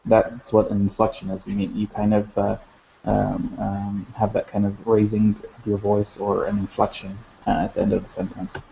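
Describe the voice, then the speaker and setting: A man teaching a language lesson, talking in a halting way with many fillers and restarts. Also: lowish voice, monotone, creaky, dark tone, slight background noise. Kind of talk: recorded lesson. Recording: dull lo-fi sound.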